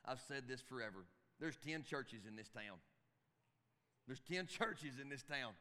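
A man's voice: mid-range voice, lively intonation, unhurried, sharp tone. A man preaching to church volunteers in a folksy, emphatic way, often repeating his phrases. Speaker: pastor. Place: church sanctuary. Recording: long reverb of a church hall.

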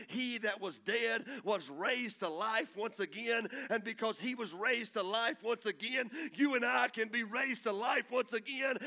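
A middle-aged man preaching a sermon, acting out voices and swinging from hushed lines to loud swells. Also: sits high, vocal fry. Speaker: pastor.

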